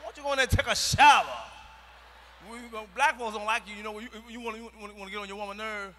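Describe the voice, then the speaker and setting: A man performs stand-up on a large arena stage with a strikingly high voice. His delivery is loud, profane and emphatic, breaking into shouts. The sound rings with the long reverb of the arena, and there is a faint murmur behind him. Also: fairly even intonation, rapid-fire, slight background noise. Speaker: stand-up comedian. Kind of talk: stand-up routine.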